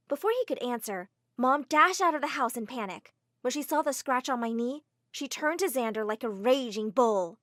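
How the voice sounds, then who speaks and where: Expressive woman narrating an animated drama. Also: sits high, moderate pace, no room sound, clean studio sound. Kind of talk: first-person animated story narration.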